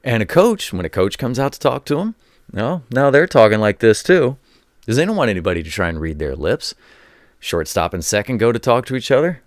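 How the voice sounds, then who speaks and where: In a dry, studio-quality recording, a man with a mid-range voice hosts his own show and spins casual sports stories from his days as a college coach. The commentary monologue rambles, he repeats words often, and he acts out the voices of those he quotes.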